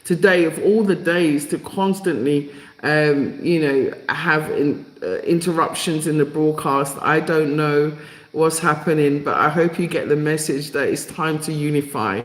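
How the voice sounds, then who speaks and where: A man's voice: a little high, measured pace, a bit bright, reverberant, poor audio. Emotional man hosting a live stream. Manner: emotional, repetitive, rallying. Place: home in Africa.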